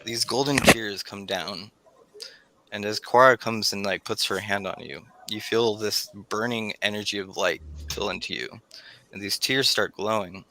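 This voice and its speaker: A man's voice: fairly low pitch, normal speed, background noise. A man running a tabletop game as game master, narrating scenes and speaking for deities. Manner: describes scenes at length, voices deities in quotes.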